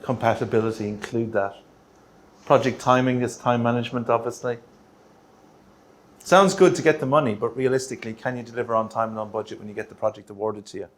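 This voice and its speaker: A middle-aged Irish man presenting a workshop in a meeting room, chatty and teasing, ending his points with a quick "right?". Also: mid-range voice, fairly even intonation. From Ireland. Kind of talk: joking workshop talk.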